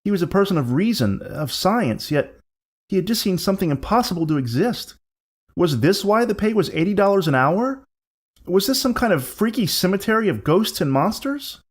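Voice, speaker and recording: A man narrating a scripted horror story in a measured, suspense-building way. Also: high-pitched, big pitch swings.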